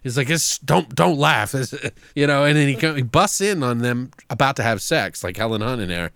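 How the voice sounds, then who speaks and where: A man's voice: mid-range voice, moderate pace, creaky, smooth, no echo, clean studio sound. A man co-hosting a casual movie review podcast, swearing freely, laughing often and acting out scenes. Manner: animated, swearing, laughs a lot, acts out lines from the movies. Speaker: podcast co-host.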